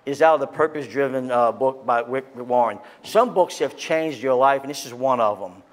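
Here a male pastor preaches at a moderate pace with a medium-pitched voice. The delivery is fervent and excitable, alternating between loud high points and soft passages read from scripture.

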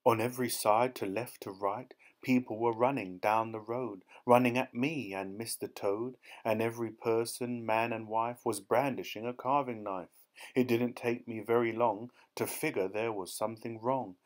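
Guy narrating a kids storybook in rhyme, lively bouncy rhythm, mid pitch. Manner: lively, rhythmic verse reading. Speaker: audiobook narrator. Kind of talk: scripted storybook narration in rhyming verse.

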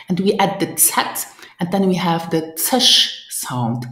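Patient woman teacher with lively pitch. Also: slow pace, reverberant. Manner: patient, coaching, models pronunciation and invites repetition. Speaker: language teacher. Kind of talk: online language lesson.

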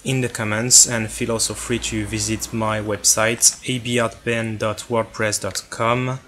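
A man's voice: fairly low pitch, level tone, measured pace, a bit bright, a little hiss or hum. A man with a French accent narrating a step-by-step tutorial on his own hobby electronics project, in a plain explanatory way.

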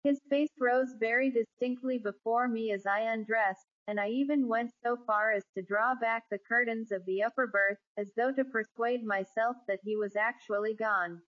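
A woman narrating a classic ghost story in a measured, even storytelling manner. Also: a little high. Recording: dull lo-fi recording.

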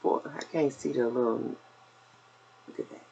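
A woman's voice: a bass voice, steady tone, moderate pace, vocal fry, warm tone, highs cut off, a little hiss or hum. An older woman vlogger chatting casually through a shopping haul, a little out of breath, calling her viewers y'all. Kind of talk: casual haul video chat.

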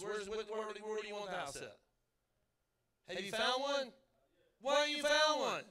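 Middle-aged male pastor, forceful bright tone, fervent call-and-response sermon in a church. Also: extremely high pitch. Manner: fervent preaching with call-and-response, at times shouting. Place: church sanctuary.

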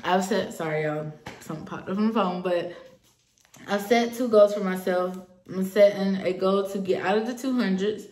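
A woman's voice: mid-range voice, normal speed, darkish tone. A young woman talking casually to her viewers in an earnest, personal and hopeful way. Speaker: vlogger. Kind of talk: casual talk to camera. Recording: echoey room.

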